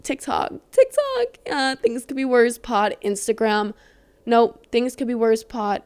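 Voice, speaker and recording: A woman's voice: on the high side, steady tone, a little slow, darkish tone, a little hiss or hum. A young woman hosting her own podcast, chatting casually and rambling with lots of fillers and the odd swear word. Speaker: podcast host. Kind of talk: casual solo podcast chat.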